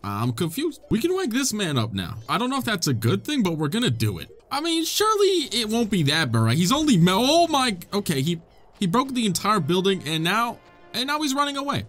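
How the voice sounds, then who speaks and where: A young man doing let's play commentary, excitable and joking, swearing casually. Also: high-pitched, a little fast, soft background music. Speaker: gaming YouTuber.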